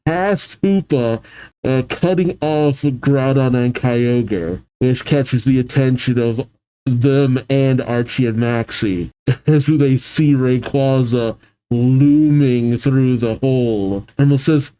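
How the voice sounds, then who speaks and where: A man reading a comic aloud and reacting to it, animated, laughing often and voicing the characters. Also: mid-range voice, slow, smooth.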